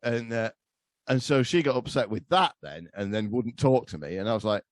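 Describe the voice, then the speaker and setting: A man's voice: mid-range voice, animated, fairly quick, no echo. A man, a podcast guest telling crude, rambling stories in casual chat. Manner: crude, rambling, laughing storyteller.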